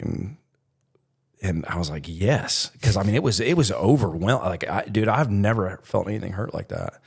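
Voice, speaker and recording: A man in his middle years, a podcast guest, telling a story in a casual, animated way with lots of fillers. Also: lowish voice, normal speed, slightly rough.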